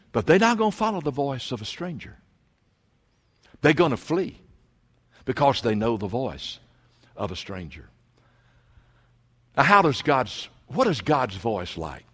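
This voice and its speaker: Male pastor, slightly high voice, preaching in a church with long reverb; loud on scripture, quiet on asides. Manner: preaching, swings between loud scripture quotes and hushed asides. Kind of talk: sermon. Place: church sanctuary.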